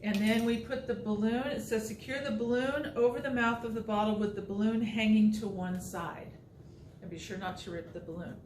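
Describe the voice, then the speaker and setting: A woman's voice: mid-range voice, steady tone, moderate pace, a little mellow, recorded from a distance, slight background noise. A woman science teacher talking students through a lab procedure step by step in a casual, instructive way. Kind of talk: recorded remote lesson walkthrough. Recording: echoey room, voice off-mic.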